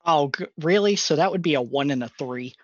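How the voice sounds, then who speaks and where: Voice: medium pitch, expressive, brisk, dull audio, background noise. A player in a casual tabletop game chat, groaning and self-deprecating.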